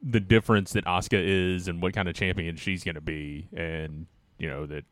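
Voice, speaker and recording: A man's voice: deep voice, fairly even intonation, moderate pace, no echo. A man co-hosting a wrestling podcast, mostly agreeing with short replies. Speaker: podcast co-host. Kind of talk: casual wrestling chat.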